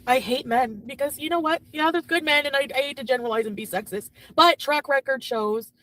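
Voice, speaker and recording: High-voiced woman ranting angrily. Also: brisk, a little hiss or hum, low-quality recording. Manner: angry, profane, breaking down, swinging from yelling to hushed. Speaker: streamer venting about a breakup. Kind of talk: emotional live-stream rant.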